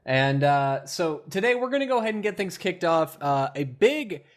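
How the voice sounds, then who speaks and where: A young man hosting a casual podcast, animated and laughing, with lots of fillers. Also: a little high, normal speed. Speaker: podcast host. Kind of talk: casual chat.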